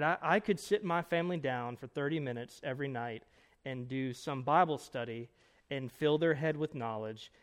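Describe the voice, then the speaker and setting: A man in his thirties, a pastor teaching at a conference breakout session in a casual, emphatic way, full of quick asides and rhetorical questions. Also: fairly high pitch. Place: conference room.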